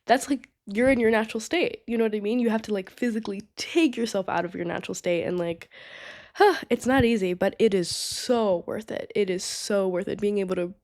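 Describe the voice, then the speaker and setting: A woman's voice: mid-range voice, moderate pace, darkish tone. A young woman hosting her own podcast, talking casually and chattily with lots of "like" and "you know what I mean". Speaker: podcast host. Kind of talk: casual solo podcast talk.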